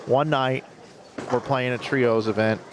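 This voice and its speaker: A man's voice: mid-range voice, steady tone, measured pace, background noise. Curious man asking questions on commentary. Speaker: bowling commentator. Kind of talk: casual chat on a bowling broadcast.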